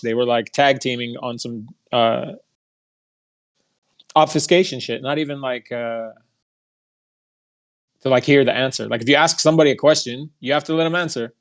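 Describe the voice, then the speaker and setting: A young man telling a heated, profane story in a casual monologue, mocking the people he quotes. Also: mid-range voice. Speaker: podcast host.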